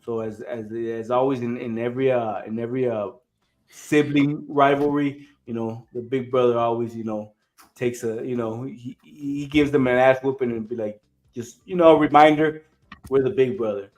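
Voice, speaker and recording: A man's voice: medium pitch, fairly even intonation, moderate pace, a little mellow. A man in a casual sports chat, easygoing and full of fillers.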